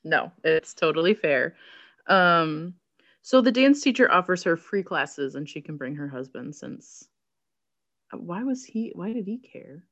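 A woman's voice: on the low side, expressive, measured pace, a bit bright, no room sound, muffled recording. A woman co-hosting a casual movie-review chat, recounting plots in a wry, laid-back way. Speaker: podcast co-host.

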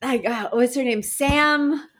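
A woman's voice: high voice, slow, a bit bright. A woman co-hosting a podcast as a comedian, chatting casually, laughing often and leaning on "like". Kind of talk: casual chat.

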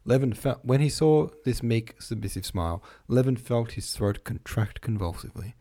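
A man giving a relaxed, informal reading of a classic novel, stumbling on long words and rereading them. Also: lowish voice, normal speed, hardly any pauses. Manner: chatty asides between passages. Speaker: reader.

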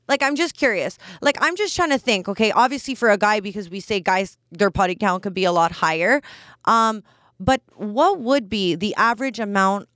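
A woman's voice: medium pitch, a bit bright, no echo, studio quality. A woman in her twenties hosting a casual solo podcast, talking candidly and bluntly with lots of "like" fillers. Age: 20s. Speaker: podcast host.

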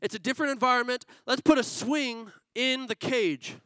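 An eager middle-aged pet shop owner voiced by a man, reassuring and salesy, always promising that the next fix will work. His voice sits a little above the man's usual pitch and has a bright, forceful edge, recorded close and dry. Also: moderate pace, no echo. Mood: pleading.

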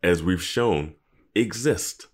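A man co-hosting a casual podcast, recapping a TV episode with wry, animated asides. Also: low-pitched, slow pace, breathy edge. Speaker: podcast co-host.

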